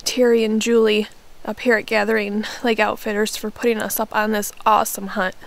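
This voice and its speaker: A woman bow hunter speaking outdoors right after a shot, shaky, breathless and tearful with excitement. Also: medium pitch, fairly quick, gravelly, poor audio. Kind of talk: live reaction after a hunt. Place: outdoors at a hunting stand.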